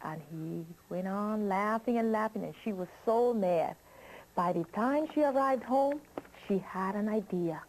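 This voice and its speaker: A woman telling a children's story slowly and expressively, asking listeners questions. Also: medium pitch, lively intonation, a little mellow, low-quality recording.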